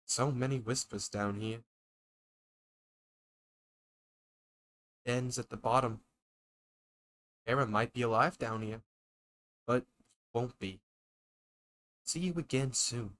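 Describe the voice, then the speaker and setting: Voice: medium pitch, expressive, measured pace, pauses often, a bit bright. A streamer voicing Anatoly, a brooding and menacing man who lives below, with a put-on accent. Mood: ominous. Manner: put-on accent, taunting and ominous. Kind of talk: reading game dialogue aloud.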